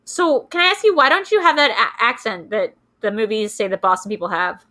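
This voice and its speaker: A woman's voice: fairly high pitch, a little fast, bright, forceful tone, low-quality recording. A young woman hosting a casual chat, rambling with lots of fillers. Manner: chatty, rambling with many fillers. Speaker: host.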